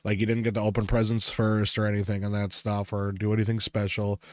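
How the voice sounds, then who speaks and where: A man's voice: on the low side, monotone, a little fast, darkish tone, no room sound. A man co-hosting a casual holiday podcast chat, teasing his partner, swearing freely and laughing often. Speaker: podcast co-host.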